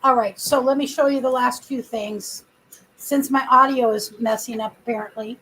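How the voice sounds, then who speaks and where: Woman streamer, high voice, rambling and chatty, no proper mic. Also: fairly even intonation, moderate pace, a bit bright, husky, low-quality recording. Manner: rambling storyteller, chatty with viewers. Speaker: livestream host. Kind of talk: casual livestream chat. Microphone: computer built-in mic, no external microphone.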